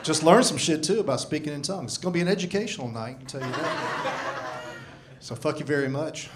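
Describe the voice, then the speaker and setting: A man in his sixties doing a gruff, profane, self-mocking stand-up comedy set on a club stage. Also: on the high side, big pitch swings, fairly quick, background noise. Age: 60s. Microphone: handheld stage mic. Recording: live club recording with crowd laughter. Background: audience laughing.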